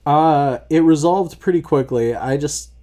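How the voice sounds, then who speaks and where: A man's voice: fairly high pitch, unhurried, warm tone. A young man co-hosting a podcast, chatting casually and profanely, saying "dude" a lot. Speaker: podcast co-host. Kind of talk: casual chat.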